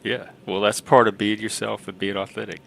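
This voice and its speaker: Man, podcast co-host, low voice, earnest, thinking aloud. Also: little pitch movement, brisk, gravelly. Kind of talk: casual podcast chat.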